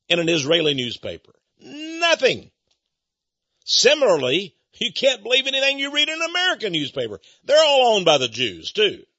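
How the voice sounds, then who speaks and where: A man's voice: high-pitched, pushed and bright, husky, dry recording, highs cut off. A middle-aged man hosting a rambling talk-radio monologue in a folksy, confiding way, chuckling between points.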